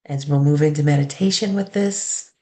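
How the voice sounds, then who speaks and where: A woman reverend giving a sermon, calmly leading the congregation through affirmations and a guided meditation. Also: low voice. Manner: slow, calm, leads call-and-response affirmations.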